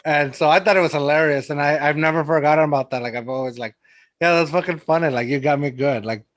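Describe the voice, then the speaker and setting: A man's voice: on the high side, fast talker. A man hosting a podcast, telling stories in casual chat with lots of fillers and laughter. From San Antonio, Texas. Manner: loose storytelling, heavy "like" fillers, laughs often. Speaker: podcast host.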